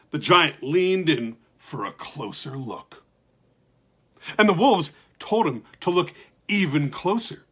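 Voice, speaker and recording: A male storyteller narrates a children's tale with lively, expressive delivery. His voice is husky and sits on the high side, rising and falling animatedly as he reads. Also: slow. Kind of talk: reading a children's story aloud.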